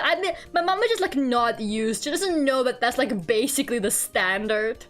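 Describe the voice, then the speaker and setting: A woman's voice: fairly high pitch, expressive, normal speed, hardly any pauses, fairly bright tone, soft background music. A young woman from England streaming as an artist, chatting casually and animatedly, laughing often and swearing now and then. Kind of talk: casual chat while drawing on stream.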